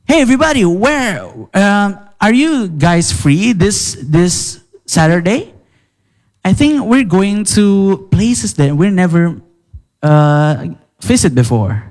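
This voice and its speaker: A man's voice: sits high, big pitch swings, takes it slowly, darkish tone. A man co-hosting an English class, playful and cajoling as he urges students to come forward. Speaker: class co-host.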